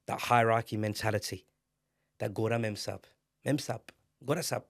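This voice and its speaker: A man, co-hosting a casual podcast, emphatic and animated, climbing to loud exclamations. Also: lowish voice, moderate pace, vocal fry, no room sound, studio quality. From England. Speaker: podcast co-host.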